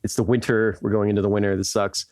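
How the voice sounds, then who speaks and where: A man's voice: on the low side, level tone, quick pace, darkish tone, no room sound. Chatty man telling history, dry close mic. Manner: rambling, laughs often, lots of "like" and "right?". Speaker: podcast host. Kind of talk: casual history storytelling.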